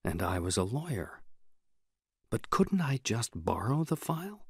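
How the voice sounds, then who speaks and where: A man reading a novel aloud in the first person, in a measured, even way. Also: mid-range voice, breathy edge, dry recording, studio quality. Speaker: audiobook narrator. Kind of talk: scripted audiobook narration.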